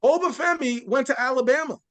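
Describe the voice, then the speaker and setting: A man's voice: extremely high pitch, brisk, fairly bright tone. A man speaking as a journalist guest in a podcast interview, earnest and building his points through lists and frequent restarts.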